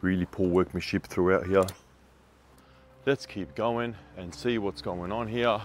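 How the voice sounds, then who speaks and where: A building inspector films a walkthrough vlog of a construction site, his deep, fairly even voice moving a little slowly over a faint hiss or hum. He's blunt and exasperated as he points out defects, chatting along and laughing at the shoddy workmanship.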